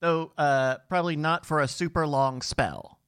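Bright dry-voiced man, hesitant storytelling. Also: a little high, fairly even intonation, normal speed, clear, resonant tone, no echo. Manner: hesitant, filler-heavy. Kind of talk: casual storytelling.

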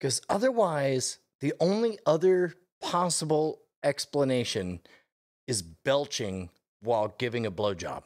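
A man co-hosting a casual comedy podcast, halting and stammering, quick to laugh. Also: medium pitch, lively intonation, a little mellow.

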